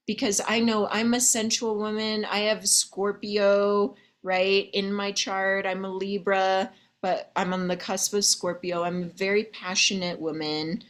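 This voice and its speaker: Slow-talking woman love coach. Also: medium pitch. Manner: chatty, sprinkles in "okay?" and "like"; addresses listeners as ladies, honey, babe. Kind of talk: coaching talk to viewers.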